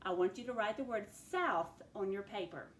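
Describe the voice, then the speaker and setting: A woman teacher leading a recorded phonics lesson, clearly sounding out words and letters for her students. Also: mid-range voice, expressive, moderate pace, roomy sound, a little hiss or hum. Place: classroom with a board.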